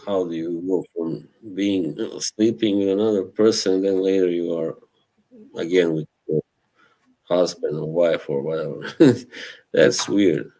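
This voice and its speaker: A man's voice: sits low, steady tone, mellow, rough recording. A man casually chatting on a live stream, reading viewer messages and laughing often. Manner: slow, laughing, trying British accents for fun.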